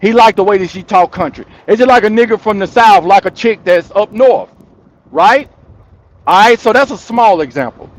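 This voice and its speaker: A man's voice: high-pitched, expressive, normal speed. A man hosting his channel, giving his opinion in casual commentary, talking straight to his viewers, laughing between points and repeating himself for emphasis. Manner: emphatic and repetitive, hammering points home. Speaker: channel host.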